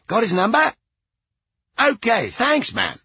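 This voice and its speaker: A foul-mouthed, cranky old rocker, as a male narrator puts him on, barks out blunt remarks in a raspy, gravelly voice. His delivery swings widely in pitch. The storybook recording sounds a little dull and lo-fi. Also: huge pitch swings, slow, bright, forceful tone, no echo, exaggerated voice. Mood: gruff. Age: older. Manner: profane, blunt, gruff.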